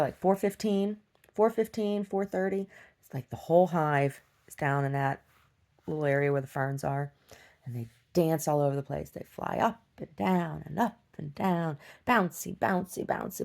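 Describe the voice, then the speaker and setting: Woman, very deep voice, gravelly fry, rambling video diary, lots of "like" and restarts. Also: fairly even intonation. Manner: halting, full of restarts and "like", shouts when acting out quotes. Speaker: video diarist. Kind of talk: rambling casual storytelling.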